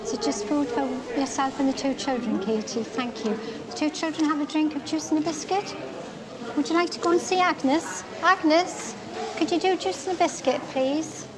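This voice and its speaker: A woman's voice: sits high, normal speed, lightly acted. A woman playing a polite, welcoming food bank volunteer greeting visitors in a film scene. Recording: film soundtrack with crowd noise.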